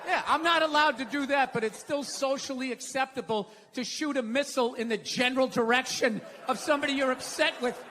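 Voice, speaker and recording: A man's voice: very high voice, a little fast, few pauses. A man doing a stand-up comedy set, ranting and sarcastic with a lot of profanity, in front of a live audience. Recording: live show with loud crowd laughter and room noise.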